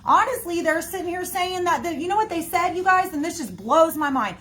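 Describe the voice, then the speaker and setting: A woman's voice: very high-pitched, expressive, brisk, fairly bright tone. A woman in her thirties speaking emotionally in a casual livestream, often calling her viewers y'all.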